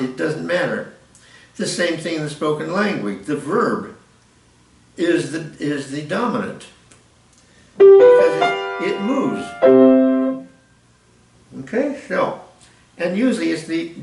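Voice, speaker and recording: A man's voice: a little high, lively intonation, measured pace, gravelly. An older man giving a rambling, informal music lesson and correcting himself as he explains. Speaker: music teacher. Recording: echoey room, mic at a distance.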